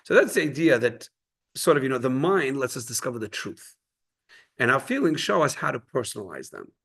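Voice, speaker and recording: Man teaching a relaxed Torah class. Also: medium pitch, fairly quick, vocal fry, husky. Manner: conversational, storytelling with quoted voices. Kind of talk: informal Torah class with stories.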